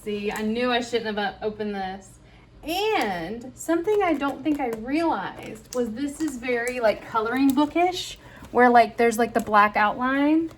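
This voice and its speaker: A woman vlogger chatting casually to her viewers in a gushing, excitable way, often gasping. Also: fairly high pitch, moderate pace, slight background noise. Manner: gushing and excitable, with frequent gasps. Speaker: crafting vlogger. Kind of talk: casual vlog chat.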